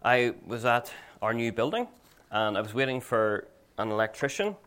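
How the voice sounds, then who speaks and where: A man's voice: medium pitch, big pitch swings, moderate pace, a bit bright, clean tone. A male pastor preaching a sermon in a conversational, earnest way, weaving in personal stories.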